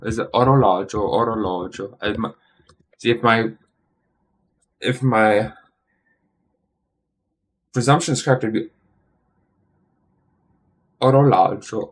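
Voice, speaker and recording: A man thinking aloud while studying, hesitant and questioning himself, often trailing off into a quiet mutter. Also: on the low side. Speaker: streamer studying Italian.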